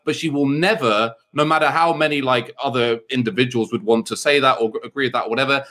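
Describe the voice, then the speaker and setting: Blunt man with a bright tone. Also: medium pitch, fairly even intonation, quick pace. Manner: blunt, heated, with frequent asides. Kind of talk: casual conversation.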